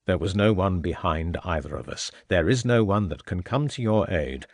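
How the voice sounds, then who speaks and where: A scheming Victorian gentleman murderer who sneers and gloats as he threatens the inspector, as a male narrator puts him on. His voice sits low and mocking, recorded close and dry. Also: animated, normal speed, vocal fry, dry recording, exaggerated voice.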